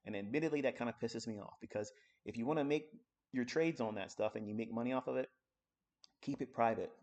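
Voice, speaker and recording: A man's voice: mid-range voice, fast talker, a little mellow, muffled recording. A man giving a live-streamed trading lesson, talking bluntly and coarsely while working through charts at his computer. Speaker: trading educator.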